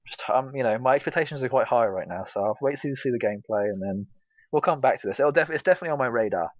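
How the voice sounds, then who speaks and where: A man's voice: medium pitch, expressive, rapid-fire, no echo. A British man co-hosting a gaming podcast, rambling casually with lots of hesitations and fillers. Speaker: podcast co-host. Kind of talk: casual chat. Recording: dull, dry lo-fi mic.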